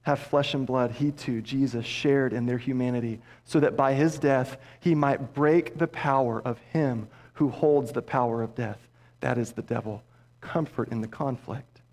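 A man preaching a sermon as pastor, passionate, dropping low and soft for emphasis. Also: steady tone, normal speed. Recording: long hall reverb.

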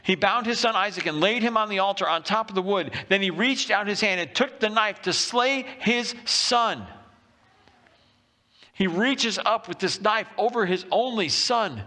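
Male pastor preaching, bright voice, acts out the story characters with lots of energy. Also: high-pitched, normal speed. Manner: animated storytelling, acting out voices. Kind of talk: sermon.

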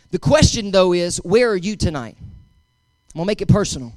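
A man's voice: high voice, big pitch swings, fairly quick, no echo. A male pastor preaching a sermon, emphatic and repetitive, talking straight to his congregation.

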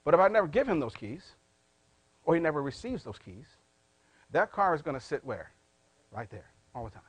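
A man preaching a sermon, asking his congregation questions and prompting them to answer, with big swings in loudness and pitch. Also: very animated, normal speed, husky, no room sound. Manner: call-and-response questions to the congregation. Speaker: pastor.

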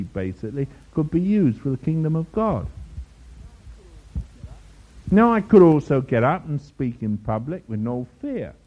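Man, preacher, sermon, animated pitch, playful mimicry, lo-fi recording. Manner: lively, mimics other preachers for humor.

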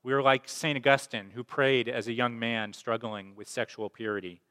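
A male pastor preaching a sermon in a relaxed, conversational way, with fillers and restarts. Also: medium pitch, moderate pace, few pauses, clear, resonant tone, long reverb tail. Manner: conversational, with fillers and repeated words.

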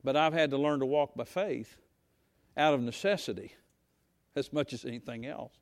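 A middle-aged male pastor preaching a sermon in a folksy, conversational way, talking straight to his congregation and sometimes rising to a shout. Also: mid-range voice, normal speed, no echo.

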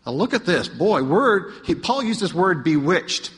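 Guy preaching a sermon, kinda high voice, lots of hall echo, asks the crowd stuff. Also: very animated, a little slow, hardly any pauses. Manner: rising to emphatic, pleading peaks then dropping quiet; asks the congregation rhetorical questions. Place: church. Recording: long hall reverb.

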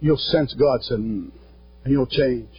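Husky-voiced man preaching a sermon. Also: medium pitch, unhurried. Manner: earnest, plain-spoken preaching with scripture quotes. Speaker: pastor. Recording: dull lo-fi sound.

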